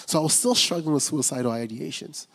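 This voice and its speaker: Speaking fast with a higher-leaning voice and noticeable vocal fry, this man preaches his own testimony as a pastor. He's frank and conversational, often restarting or filling pauses, while the large church hall adds a long echo.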